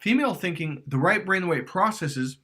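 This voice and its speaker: A man coaching on dating in an animated, emphatic way. His voice sits a little high and swings widely in pitch. He swears freely and acts out quoted lines with force. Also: fairly quick.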